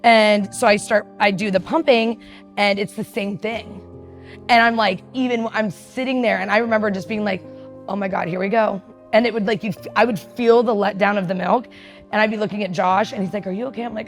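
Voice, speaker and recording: A woman's voice: mid-range voice, fairly even intonation, brisk, soft background music. A woman in her thirties candidly telling a personal story, blunt and profane, often laughing and acting out what people said.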